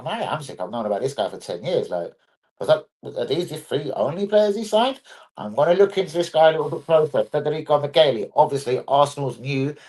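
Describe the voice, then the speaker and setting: A man's voice: mid-range voice, a little mellow. Guy ranting about football on a live stream, sweary and rambly. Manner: blunt, swears a lot, rambling. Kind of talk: casual football chat.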